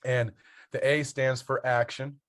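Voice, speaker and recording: A man's voice: medium pitch, flat delivery, unhurried, fairly bright tone. A man, a basketball coach and mentor, talking as a podcast guest, earnest and motivational as he spells out his acronyms.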